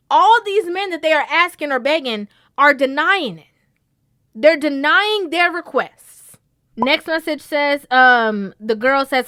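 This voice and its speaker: A woman hosting a casual commentary vlog, animated, often breaking into laughter and tossing in a questioning "okay?". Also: sits high, normal speed. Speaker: vlog host.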